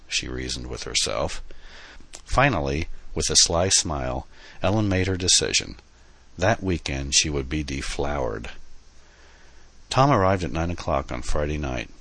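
Super deep husky guy reading an audiobook, earnest, punchy tone, dead dry mic. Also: dry recording. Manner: steady, earnest storytelling. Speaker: narrator. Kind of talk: audiobook narration.

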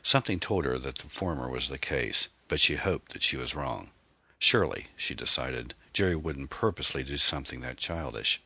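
A man reading a mystery novel aloud as audiobook narrator, measured and steady, on a close mic. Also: very deep voice, breathy edge, no echo.

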